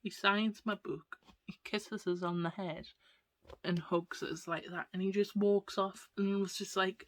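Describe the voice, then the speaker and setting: A woman's voice: mid-range voice, steady tone, measured pace. Young-sounding woman, casual vlog storyteller, rambly, slips into whispered asides. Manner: chatty, rambling, drops into soft whispered asides. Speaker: vlogger.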